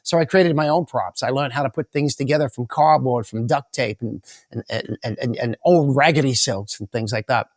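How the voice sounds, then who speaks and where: A man's voice: mid-range voice, moderate pace, dry recording, studio quality. A man as an interview guest, telling rambling stories with many restarts and repeated words. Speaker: guest mentalist. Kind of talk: storytelling interview answers.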